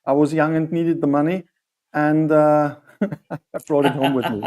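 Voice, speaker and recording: A man co-hosting a casual livestream chat, often halting and searching for words as he talks. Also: a little high, steady tone, darkish tone. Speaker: livestream co-host.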